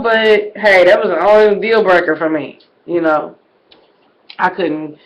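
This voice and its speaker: Animated woman vlogger talking to viewers. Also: on the low side, measured pace, long pauses, low-quality recording. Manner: animated, swings from hushed to shouting exclamations; conversational, addresses viewers as "y'all". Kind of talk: casual vlog monologue.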